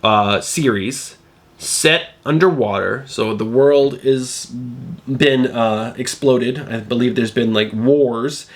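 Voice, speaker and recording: A man's voice: medium pitch, takes it slowly. A middle-aged man hosting a comic book channel, sounding nasal from a cold, chatting in a rambling way with lots of fillers. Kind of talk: casual video review.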